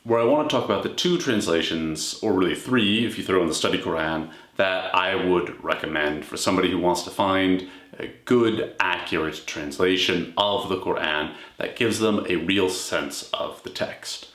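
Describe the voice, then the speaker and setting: Man, lecture, measured and explanatory, lowish voice, roomy echo. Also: a bit bright. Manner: measured explanatory delivery with frequent "all right?". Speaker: scholar of religion. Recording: echoey room.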